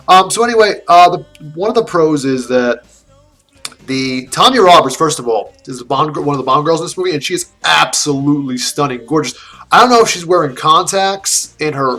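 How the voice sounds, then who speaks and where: A man's voice: medium pitch, fairly bright tone. A man giving a casual, rambling movie review, swearing often, laughing at his own jokes and restarting his sentences. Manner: rambling, profane, laughing, with many restarts and fillers. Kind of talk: casual film review rant.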